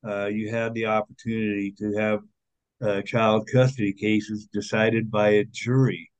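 In a conversational podcast interview, an author and activist speaks earnestly and somewhat indignantly, his speech packed with fillers. His fairly low, clean-toned voice stays level and a little slow, in a muffled recording with no room sound.

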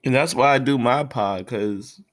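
A tearful man talks alone on his podcast from his own room. His speech is halting and full of heavy sighs and restarts, and he uses casual street slang. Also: medium pitch. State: tearful, has been crying. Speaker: podcast host. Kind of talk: casual solo podcast talk.

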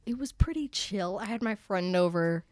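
A woman's voice: medium pitch, lively intonation, normal speed, a little mellow, no room sound. Young woman from New Jersey, interview guest, chatty, dry close sound. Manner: chatty, many fillers and laughs. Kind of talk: casual interview chat.

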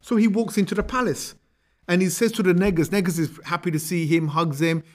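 A man's voice: sits high, brisk. A man giving a storytelling religious history lecture, conversational and acting out quotes. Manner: lively, conversational, acts out quotes.

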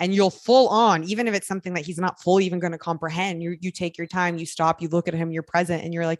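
A woman's voice: fairly low pitch, steady tone, fast talker, hardly any pauses, no room sound. Chatty woman, dry close sound. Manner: earnest, chatty with many fillers. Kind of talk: casual podcast conversation.

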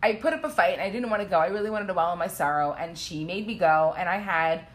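A woman in her late thirties, a guest on a casual podcast, telling animated stories and laughing often. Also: lowish voice, quick pace. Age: 30s. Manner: animated storyteller, laughs a lot. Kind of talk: casual chat.

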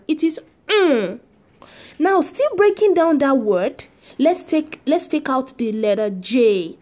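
A woman's voice: on the high side, darkish tone. A woman teaching a French pronunciation lesson, patient and repetitive, drilling each sound several times. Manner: slow, patient, drills sounds by repeating them. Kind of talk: spoken language lesson.

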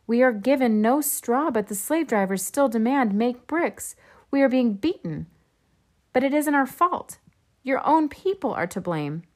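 A woman voicing desperate male foremen who plead in a high, strained voice. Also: animated, unhurried, a little mellow.

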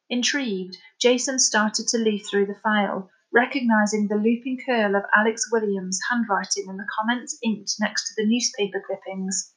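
A woman narrating a novel as an audiobook in a steady, dramatic storytelling manner. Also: mid-range voice, normal speed, husky, poor audio.

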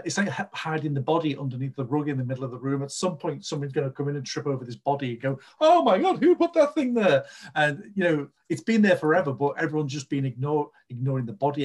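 A man's voice: mid-range voice, breathy edge. A man hosting a podcast, giving a casual card reading in a rambling, chatty way. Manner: chatty, rambling, full of fillers. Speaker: podcast host and card reader. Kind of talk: casual psychic reading chat.

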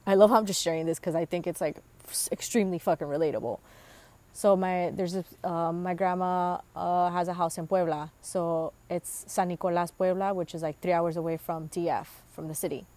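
Casual solo vlog host: a young woman with a lowish voice, crude and rambling, heavy on fillers. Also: steady tone, moderate pace, darkish tone. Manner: rambling and profane, with lots of fillers. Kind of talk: casual storytelling monologue.

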